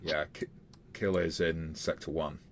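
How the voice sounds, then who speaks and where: A man running a tabletop game as game master, narrating in a halting way with frequent fillers. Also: a bass voice, level tone, a little hiss or hum. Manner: halting, with many fillers and restarts.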